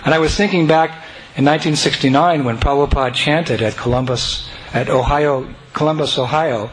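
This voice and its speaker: A man telling a personal devotional story to an audience, animated and breaking into chanting and joyful shouts. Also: on the high side, moderate pace. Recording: noisy recording.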